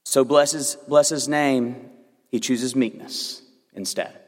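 A man's voice: mid-range voice, steady tone, takes it slowly, a little mellow. Earnest preacher man in a reverberant hall. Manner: earnest, building to fervent emphasis. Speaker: pastor. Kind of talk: sermon. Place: church sanctuary. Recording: long reverb of a church hall.

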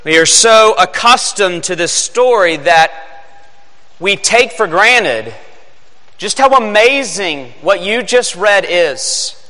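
Man preaching, high bright voice, earnest, echoing sanctuary reverb. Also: animated, slow pace. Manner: earnest, building to emphatic peaks. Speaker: pastor. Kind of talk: Christmas Eve sermon. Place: church sanctuary.

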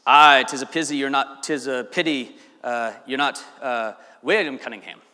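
A man doing a gruff old Scottish groundskeeper with a clipped, loud brogue, his voice ringing out bright and sharp through a long church reverb. The old fellow sounds wry and unimpressed. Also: mid-range voice, normal speed, close to an everyday voice.

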